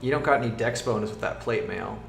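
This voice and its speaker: A man running a tabletop game over a voice call as game master, narrating in an animated, goofy way with frequent exclamations. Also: mid-range voice, fast talker, creaky, echoey room.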